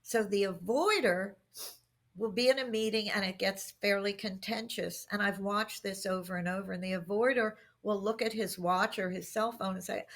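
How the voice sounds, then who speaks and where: A middle-aged woman speaks as a podcast interview guest, spinning anecdotes and acting out what people said. Her voice has a gravelly, creaky edge, and her pitch sits in an ordinary middle range. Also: normal speed. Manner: animated anecdotes with acted-out quotes. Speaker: guest expert on workplace communication.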